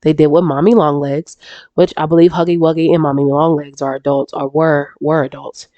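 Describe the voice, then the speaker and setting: Low-voiced woman, all stuffed up and sore-throated, rambling casual theory chat, dry sound. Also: flat delivery, brisk, warm tone, no echo. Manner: rambling, restarts often, chuckles. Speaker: YouTube reaction creator.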